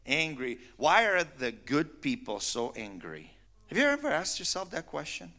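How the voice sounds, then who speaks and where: A male pastor delivering a sermon in a high-pitched, crisp and forceful voice. His delivery is lively and sweeping, full of rhetorical questions and playful asides to the listeners. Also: normal speed. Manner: animated storytelling, teasing asides to the congregation.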